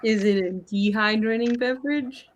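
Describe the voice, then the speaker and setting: A woman's voice: on the high side, normal speed, lo-fi sound, background noise. A woman chatting casually on a livestream, playful and full of curious questions. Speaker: co-host.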